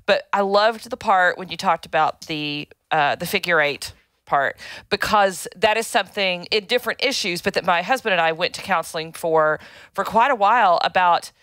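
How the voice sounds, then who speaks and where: A woman's voice: lowish voice, normal speed, fairly bright tone, clear, resonant tone, no room sound, clean studio sound. A woman co-hosting a talk show, speaking frankly and matter-of-factly in casual chat. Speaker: co-host.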